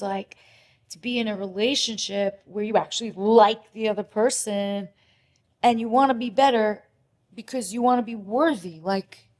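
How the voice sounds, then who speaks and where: A woman's voice: mid-range voice, moderate pace, a little mellow. A young adult woman speaking as a podcast guest, candid and emotional, acting out her own inner thoughts aloud.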